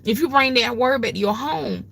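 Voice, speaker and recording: A woman's voice: high-pitched, brisk, vocal fry, a bit bright. An older woman with grandchildren, hosting a livestream and giving emphatic, folksy, preachy advice in a casual way. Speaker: livestream host.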